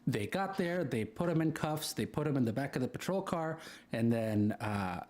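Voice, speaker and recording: A man's voice: mid-range voice, expressive, moderate pace, a little mellow. A man from Texas co-hosting a livestream, teasing dryly and plainly explaining a clip. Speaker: livestream co-host. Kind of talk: casual livestream chat.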